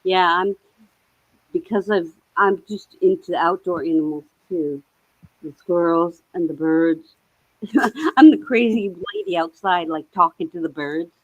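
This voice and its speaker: A woman on a video call, chatting casually and telling rambling, animated stories. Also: fairly low pitch, unhurried, dull audio. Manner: rambling, animated storytelling with laughs. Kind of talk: casual chat.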